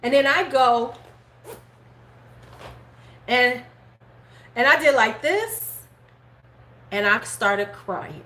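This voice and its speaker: A middle-aged woman hosting a live stream, casually telling a story in animated fashion, swearing freely and acting out her relatives' words. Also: fairly high pitch, extremely slow, pauses often. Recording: roomy echo, faint background noise.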